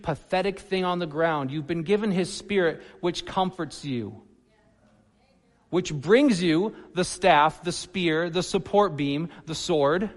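A man preaching a sermon, animated, swinging between loud emphasis and soft asides. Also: sits high, in a large hall. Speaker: pastor.

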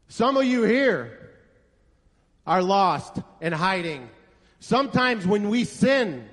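Man preaching, high voice, storytelling pastor, emphatic, long hall echo. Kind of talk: sermon. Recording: echoey hall reverb.

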